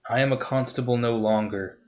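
A man's voice: mid-range voice, fairly even intonation, brisk, dull audio, close to an everyday voice. A man voicing a weary, drunken disgraced former constable who answers curtly. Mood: bitter.

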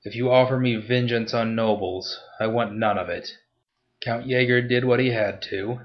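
A man's voice: medium pitch, fairly even intonation, moderate pace, lo-fi sound, lightly acted. A man voicing a weary, drunken disgraced former constable who answers curtly. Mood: bitter.

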